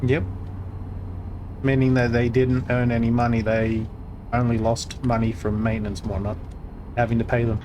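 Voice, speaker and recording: A man's voice: mid-range voice, flat delivery, normal speed, pauses often, noisy background. A man chatting with friends during a game, with dry, sarcastic remarks. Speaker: friend on voice chat. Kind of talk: casual gaming chat.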